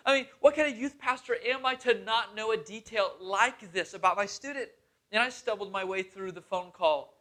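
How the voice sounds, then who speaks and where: A man's voice: sits high, moderate pace, sharp tone. A young man in his twenties, a pastor telling a personal story in a sermon with an earnest, conversational manner. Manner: earnest, conversational, with a laugh now and then.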